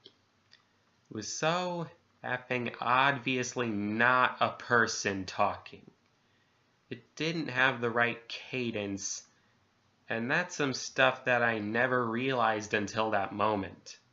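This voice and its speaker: A man's voice: medium pitch, slow pace, pushed and bright, lo-fi sound. A man casually reading a horror story aloud, swapping swear words for letters and euphemisms as he goes. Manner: conversational, self-censoring swears with letters.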